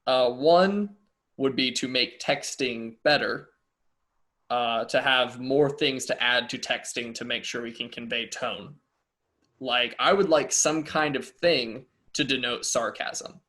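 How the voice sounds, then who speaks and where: A man's voice: mid-range voice, takes it slowly, bright, forceful tone. A man interviewing a friend, chatting casually with frequent fillers.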